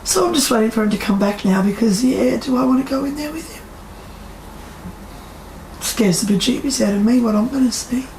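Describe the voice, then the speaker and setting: A chatty woman with a slightly high voice, talking to a live audience as a psychic medium. She acts out the people she quotes and puts questions to the crowd. Her voice echoes in the room over a faint hum. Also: fairly quick, long pauses, a little mellow. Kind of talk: storytelling talk to a live audience.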